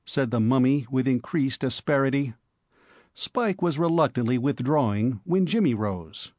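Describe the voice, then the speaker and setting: A man narrating a comic novel as an audiobook reader, in a measured, wry manner. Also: medium pitch, lively intonation, darkish tone, no room sound, clean studio sound. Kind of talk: scripted narration.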